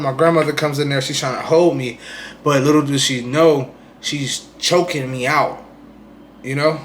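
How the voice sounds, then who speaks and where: A young man rambling through a personal story in casual vlog talk, often asking "you know what I'm saying", swinging between loud bursts and quiet asides. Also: on the high side, normal speed, a little hiss or hum. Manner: animated retelling, swings loud and soft. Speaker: streamer telling his own story.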